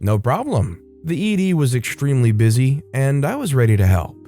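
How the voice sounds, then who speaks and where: A man's voice: medium pitch, sing-song, moderate pace, mellow, soft background music. A man reading a story aloud in scripted narration.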